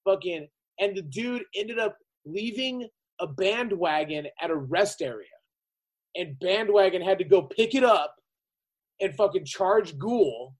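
Profane high-voiced storyteller man. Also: unhurried, husky, low-quality recording. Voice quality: profane, animated, acts out quoted people. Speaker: podcast guest. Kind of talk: casual storytelling chat.

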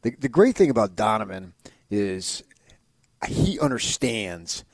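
A man's voice: on the low side, very animated, unhurried, darkish tone, breathy edge, dry recording. A man hosting sports talk, rambling with restarts and growing emphatic when he praises a player. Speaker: sports radio host.

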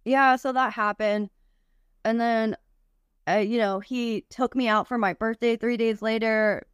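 A woman's voice: fairly high pitch, steady tone, a little slow, smooth, dry recording, studio quality. A young woman, a podcast guest, tells a personal story candidly, with frequent swearing and many "like" fillers.

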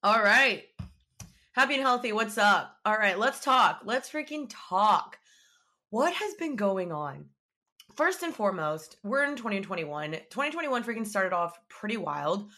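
A woman in her twenties talks into a podcast microphone with a bright, clear tone. She chats casually and tells her stories in an animated, talkative way. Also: mid-range voice, a little slow. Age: 20s. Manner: chatty, animated storytelling. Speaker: podcast host. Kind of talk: casual chat.

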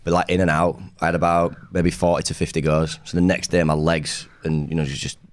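A man's voice: very deep voice, brisk, dry recording. A man chatting as a podcast guest, telling stories loosely with lots of fillers and laughs. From Leeds, England. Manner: laughs often, relaxed storytelling with fillers. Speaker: podcast guest, former gymnast. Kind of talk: casual chat.

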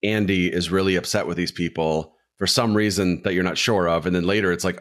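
A man's voice: deep voice, steady tone, fairly quick, hardly any pauses. A man co-hosting a podcast, giving a meandering, self-interrupting take on films in casual chat. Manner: meandering, self-interrupting analysis with many fillers. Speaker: podcast co-host discussing films.

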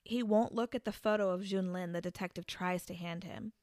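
A woman's voice: lowish voice, steady tone, brisk, darkish tone, no echo, clean studio sound. A woman casually retelling a true crime case to a friend, building to dramatic reveals with restarts and fillers. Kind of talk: casual storytelling chat.

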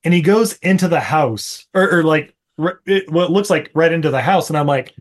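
A man's voice: fairly high pitch, lively intonation, moderate pace, hardly any pauses. A man co-hosting a podcast, recapping a movie in a rambling, profane way full of fillers and laughter. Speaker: podcast co-host. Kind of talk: casual movie recap chat.

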